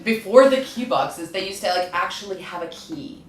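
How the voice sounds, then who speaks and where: A woman real estate agent chatting casually, telling anecdotes with quick asides. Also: medium pitch, animated, a little hiss or hum. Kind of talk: casual chat. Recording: roomy echo, distant mic.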